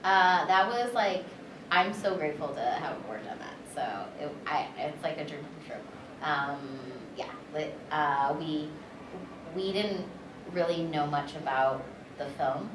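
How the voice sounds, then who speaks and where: A chatty woman voice actress spins anecdotes in a loose, filler-filled way at a convention interview. Her fairly low voice sounds distant from the mic in an echoey room, with steady background chatter behind her. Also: a little slow, background noise. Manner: chatty, filler-heavy, animated retelling. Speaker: voice actress and director. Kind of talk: convention panel interview, storytelling.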